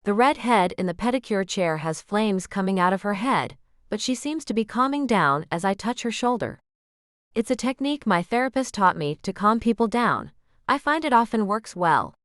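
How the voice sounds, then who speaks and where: A woman's voice: mid-range voice, expressive, normal speed, no echo, studio quality. Sweet-voiced woman with a Southern drawl. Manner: soft, sweet, soothing. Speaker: audiobook narrator. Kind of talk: scripted narration.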